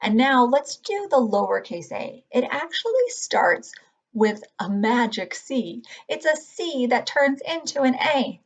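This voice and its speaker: Slow, patient kindergarten teacher woman. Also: fairly high pitch, very animated, vocal fry. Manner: gentle, patient, drawn-out word modeling. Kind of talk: slow, clear phonics lesson for young children. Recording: dull lo-fi audio.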